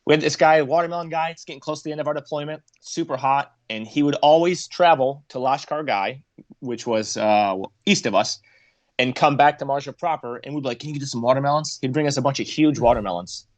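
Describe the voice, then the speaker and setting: A man's voice: mid-range voice, fast talker, dry recording. A man, a former Marine, telling war stories casually on a podcast, acting out quotes in raised voices. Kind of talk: casual storytelling.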